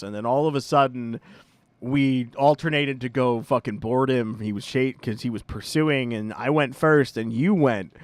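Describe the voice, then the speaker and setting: A man's voice: medium pitch, no room sound. A man streaming a game, chatting casually with a teammate, swearing and laughing as he retells a fight. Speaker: gaming streamer. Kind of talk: casual chat while playing a game.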